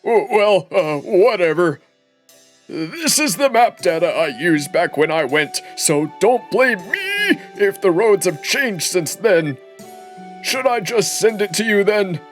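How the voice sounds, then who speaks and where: A man voicing a friendly, talkative old village man from game dialogue, in a drawn-out, folksy way. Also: sits high, big pitch swings, soft background music, exaggerated voice. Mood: chatty. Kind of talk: game dialogue read aloud by a streamer.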